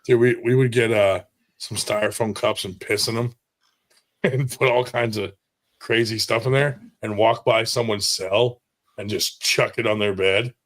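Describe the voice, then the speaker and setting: A man's voice: on the low side, steady tone, unhurried. A man telling rambling, profane stories in casual podcast chat, often laughing as he talks. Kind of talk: casual storytelling.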